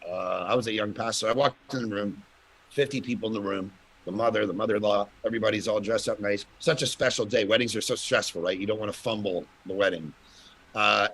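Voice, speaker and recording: A man, a pastor, telling lively stories in a casual conference talk, with loud bursts of emphasis and frequent laughter. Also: fairly low pitch, a little fast, husky. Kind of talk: casual storytelling at a conference panel.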